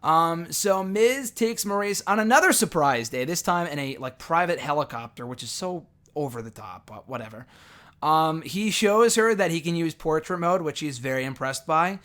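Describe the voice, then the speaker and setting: A man's voice: on the high side, expressive, moderate pace, a bit bright. Casual rambling male show reviewer. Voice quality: rambling, frequent fillers and self-corrections. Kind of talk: casual recap monologue.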